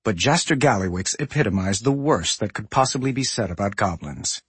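A man narrates a fantasy audiobook with lively, expressive storytelling. His pitch moves in wide swings, and his voice is husky and breathy. The recording is dry and close to the mic. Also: brisk, no room sound. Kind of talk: scripted narration.

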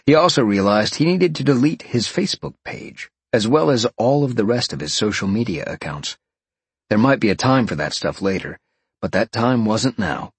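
A man narrating adult fiction in a slow, measured audiobook style, recorded close on a studio mic. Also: mid-range voice, animated, husky, no echo.

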